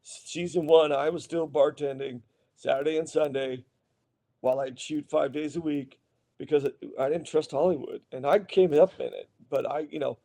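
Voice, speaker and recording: A man with a gravelly, mellow voice pitched a little high for a man, chatting as an interview guest. He tells long, wandering stories, restarting his sentences and slipping into other people's voices as he quotes them. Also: steady tone, normal speed. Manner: rambling anecdotes with many restarts and fillers; acts out other people's lines when retelling. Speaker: guest actor. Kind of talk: casual storytelling interview.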